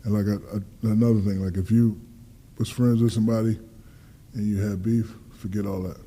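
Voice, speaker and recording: This guest athlete, a man in his fifties, speaks at a normal pace in a lowish, somewhat breathy voice. In a relaxed interview he tells energetic stories, voices the other people in them, and doesn't hold back on the profanity.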